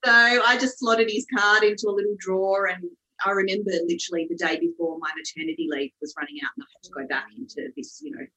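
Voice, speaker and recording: A woman's voice: mid-range voice, fast, poor audio. A woman, a stylist being interviewed, telling her story in a casual, self-deprecating way. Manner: animated, self-deprecating, plays out dialogue in lively voices.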